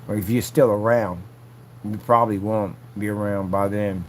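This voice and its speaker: A man's voice: lowish voice, normal speed, a little hiss or hum. A man vlogging casually from a work site, taunting a rival in a boastful, repetitive way. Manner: taunting, boastful, repeats himself. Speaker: vlogger selling projection screen paint.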